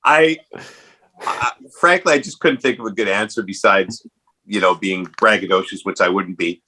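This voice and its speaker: A man hosting a casual podcast chat, telling a story animatedly and jumping up in pitch when acting out quotes. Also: normal speed, sharp tone, poor audio. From Canada. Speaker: podcast host.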